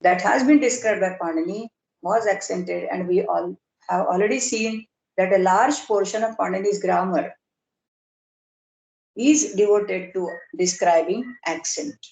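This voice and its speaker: A woman lecturing on grammar in a workshop, explaining slowly and deliberately with pauses and fillers. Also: medium pitch, vocal fry, a little mellow. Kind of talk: academic lecture in an online workshop. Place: video call. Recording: roomy echo.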